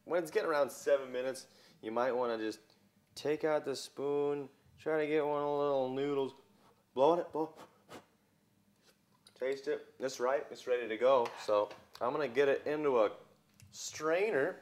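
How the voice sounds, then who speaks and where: A man's voice: mid-range voice, normal speed. A young man with a mid-range voice talks a viewer through a cooking demo. He is chatty and folksy, narrating each step as he works in a home kitchen. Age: young adult. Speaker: cooking show host. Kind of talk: casual cooking demonstration.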